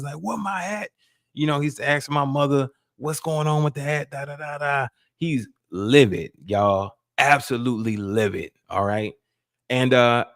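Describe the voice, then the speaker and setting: A man, casually telling a personal story on a podcast in a lively, colloquial way. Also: mid-range voice, no room sound, studio quality. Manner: animated, colloquial, acts out voices in quotes. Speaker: podcast host.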